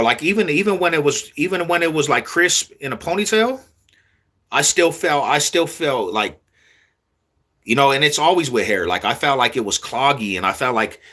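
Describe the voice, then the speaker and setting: Husky slangy man rambling to camera. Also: medium pitch, sharp tone. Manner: slangy, repeats himself, drawn-out loose delivery. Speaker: vlogger talking to viewers. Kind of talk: casual street talk to camera.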